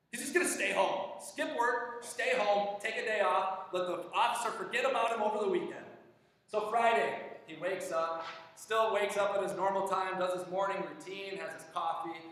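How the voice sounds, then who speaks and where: A man preaching a sermon, telling a story in an animated way and acting out the dialogue with frequent restarts. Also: sits high, moderate pace. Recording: echoey church hall, distant mic.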